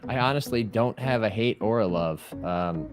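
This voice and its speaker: A man's voice: fairly low pitch, moderate pace, over loud music. A man co-hosting a sports podcast, rambling hesitantly in casual chat. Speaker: podcast co-host.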